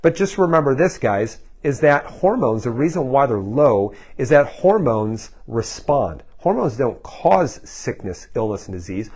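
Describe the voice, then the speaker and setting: A man's voice: medium pitch, a little mellow. A male health practitioner explaining things to camera in a loose, conversational way. He uses plenty of fillers and keeps calling his viewers "guys.".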